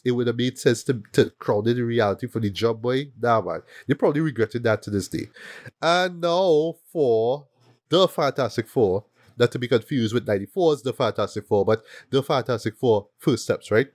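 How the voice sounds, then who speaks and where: Podcast host, male, mid pitch, animated, keeps checking in with "right?", dry sound. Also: dry recording. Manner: animated, repeats words and asks "right?" often. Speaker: film review podcast host. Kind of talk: casual film review chat.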